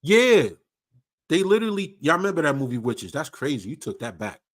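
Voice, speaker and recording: A man's voice: on the high side, fairly quick. A man hosting a livestream, ranting in casual slang with lots of swearing and repetition. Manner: profane, animated, repetitive slang-heavy ranting. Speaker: livestream host.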